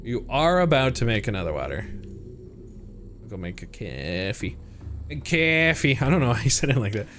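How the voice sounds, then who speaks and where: A man's voice: lowish voice, very animated, a little fast, soft background music. A young man streaming a game, chatting playfully to his viewers and to the creatures on screen. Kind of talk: casual gameplay commentary.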